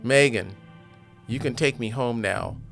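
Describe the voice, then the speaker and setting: A man's voice: medium pitch, unhurried, gravelly, a bit bright, soft background music. A man voicing a nervous peacemaking young woman. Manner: anxious, placating.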